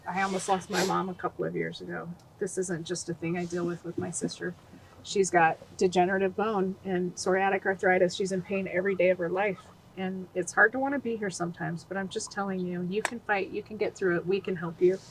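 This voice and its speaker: Casting: middle-aged woman, earnest and animated podcast guest, some noise behind her. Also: on the low side, poor audio. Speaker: guest, nonprofit founder. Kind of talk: podcast interview.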